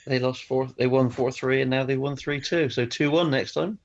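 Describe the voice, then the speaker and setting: A man with a gravelly, mid-pitched voice trades dry, wry remarks on a football game stream. The recording is dull and lo-fi. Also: steady tone, moderate pace. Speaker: co-host. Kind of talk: casual game-stream chat.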